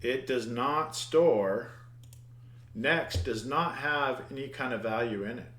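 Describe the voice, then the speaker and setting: A man's voice: mid-range voice, slow pace, fairly bright tone, roomy sound. Man muttering through a coding lesson. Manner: thinks aloud, mutters at the code, restarts words. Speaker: programming instructor. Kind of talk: screen-recorded coding lesson.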